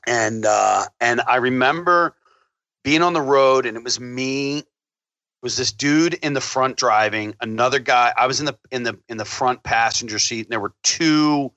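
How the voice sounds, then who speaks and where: A man telling travel stories in casual chat, profane and animated, acting out the lines of the people in them. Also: medium pitch, no echo.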